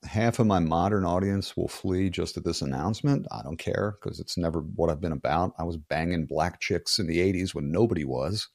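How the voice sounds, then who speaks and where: Guest, male, sixties, from the US: low-pitched, dry close sound, blunt and profane, rambling restarts. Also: a little fast, gravelly, few pauses, no room sound. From United States. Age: 60s. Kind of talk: casual podcast interview.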